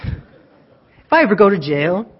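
A male preacher giving an animated sermon, retelling a story and acting out the scenes. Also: high voice, takes it slowly, slight background noise. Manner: animated, acts out scenes, chuckles at own jokes. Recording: dull reverberant hall recording.

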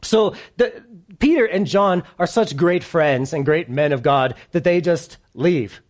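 A man preaching a sermon to a congregation with kids present, animated and playful, swinging from hushed lows to loud peaks. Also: a little slow. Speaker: pastor.

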